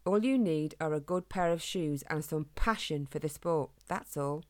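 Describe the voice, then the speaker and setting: A woman's voice: sits low, moderate pace, a little mellow, lightly acted. A woman voicing a plump, fatherly male hedgehog who lectures his son, in a storybook reading. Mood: lecturing. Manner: patient, instructive, fatherly.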